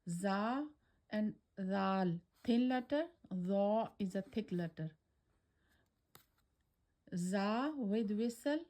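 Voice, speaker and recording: A woman Quran teacher, slowly drilling letter sounds one syllable at a time, with drawn-out repetitions. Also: medium pitch, dark tone.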